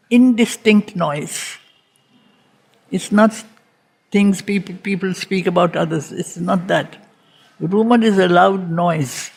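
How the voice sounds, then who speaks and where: A woman's voice: fairly low pitch, gravelly, a little mellow, breathy edge. A woman teaching a reading group, giving a spiritual lecture on a poem and repeating phrases for emphasis. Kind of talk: slow spiritual lecture on poetry.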